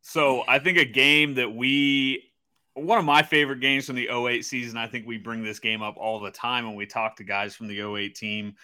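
Bright-voiced male host, mid pitch, chatty and relaxed. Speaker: podcast host, interviewer. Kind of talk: casual interview.

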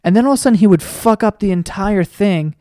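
A podcast host rambles through a solo comedy bit, swearing freely and jumping between animated tangents. The voice is captured close and dry, with no room sound. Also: mid-range voice, fast, no room sound. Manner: rambling, profane, animated storytelling. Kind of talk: comedic monologue.

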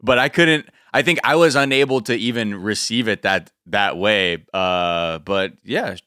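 A man's voice: lowish voice, unhurried, bright, forceful tone, clear, resonant tone, dry recording, studio quality. A man hosting a podcast, chatting casually and joking, slipping into mock voices. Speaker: podcast host. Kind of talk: casual comedic chat.

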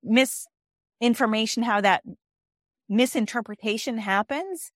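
A woman's voice: fairly high pitch, measured pace, dry recording, clean studio sound. A woman who is a life coach and author, speaking as an interview guest with emphatic repeated phrases and frequent restarts. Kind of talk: interview guest explaining ideas.

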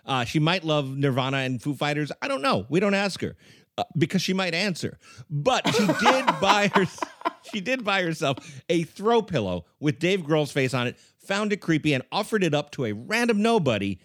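A man's voice: fairly high pitch, big pitch swings, moderate pace, a bit bright. A man co-hosting a comedy podcast, joking playfully and laughing often. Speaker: podcast co-host.

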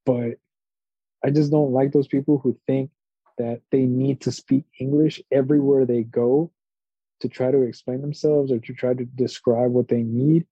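A man's voice: medium pitch, normal speed, breathy edge, no room sound. A man co-hosting a podcast in casual chat, rambling through stories and acting out the people in them. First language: Spanish. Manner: rambling, animated storytelling with quoted voices and laughs. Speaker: podcast co-host. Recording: dull lo-fi podcast mic.

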